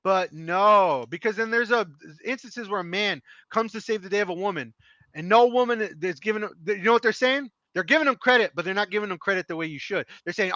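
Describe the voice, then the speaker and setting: A man's voice: sits high, fairly quick, pushed and bright, no room sound. A middle-aged man ranting on a podcast, impassioned, emphatic and profane. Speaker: podcast co-host. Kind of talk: heated opinion rant. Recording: dry, dull lo-fi sound.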